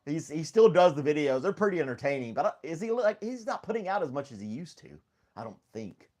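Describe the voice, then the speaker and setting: Hosting a relaxed home live stream, this man talks fast in a sing-song voice that's on the high side with a darkish tone. He rambles, laughs a lot, greets viewers by name, and reads from the live chat as he chats casually.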